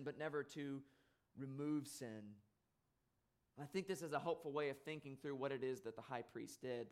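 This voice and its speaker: A man preaching a sermon in an earnest way, rising louder on key points and dropping soft on sad ones. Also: on the high side, smooth.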